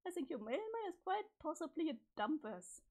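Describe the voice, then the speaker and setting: Tipsy teen best friend, voiced by a woman reading aloud; sloppy, slurred delivery, pitch bouncing around. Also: sing-song, moderate pace, a little mellow. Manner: slurring, sloppy drunk talk. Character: drunk, slangy teen girl best friend.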